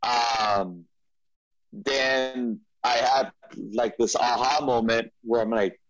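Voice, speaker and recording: A man who is a podcast guest, telling a personal story in a relaxed interview with frequent restarts and repeats. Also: medium pitch, takes it slowly, muffled recording. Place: studio.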